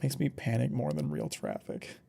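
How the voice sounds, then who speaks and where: A man's voice: medium pitch, huge pitch swings, normal speed, creaky, warm tone, slightly rough. A man streaming from home, chatting casually with his viewers, joking and swearing bluntly. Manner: blunt, joking and profane, reads chat aloud. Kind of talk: casual live-stream chat.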